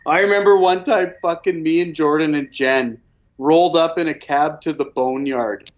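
Casting: man, high voice, swearing raconteur, slightly dull audio. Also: moderate pace. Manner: profane, laughing storyteller. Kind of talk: casual chat.

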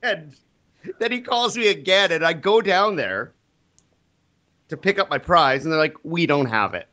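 A man who is a teacher, telling a story in casual chat, animated and acting out the people he quotes. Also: sits high, unhurried.

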